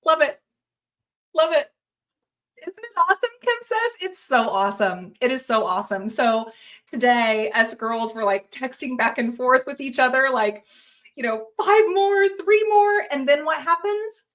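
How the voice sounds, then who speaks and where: Upbeat chatty woman with a higher voice. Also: lively intonation, normal speed, sharp tone. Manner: upbeat and chatty, greets viewers by name; reads viewer comments aloud. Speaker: host of a live jewelry-making stream. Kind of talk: casual livestream chat with viewers.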